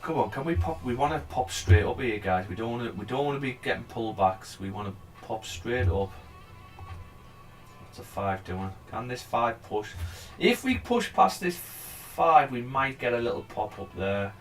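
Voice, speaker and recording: A chatty man, his voice pitched right in the middle of the range for a man, talks loosely through a live trading stream. He rambles from point to point, drops the odd swear word, and cheers the chart along, with faint music playing underneath. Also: lively intonation, moderate pace. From England. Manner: chatty, rambling, urging the price on, swears casually. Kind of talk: casual live-stream commentary.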